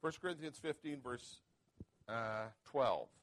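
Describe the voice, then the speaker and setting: A man preaching a sermon as pastor, reading scripture aloud and calling out "Amen?" to the congregation, swinging between quiet asides and loud emphatic passages. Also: mid-range voice, takes it slowly, a little hiss or hum, rough recording.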